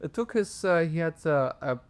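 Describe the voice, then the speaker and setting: Male podcast guest, animated storyteller, lively delivery, frequent restarts. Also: on the high side, moderate pace, clear, resonant tone. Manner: animated, jumps into voices, many restarts. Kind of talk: storytelling in casual conversation.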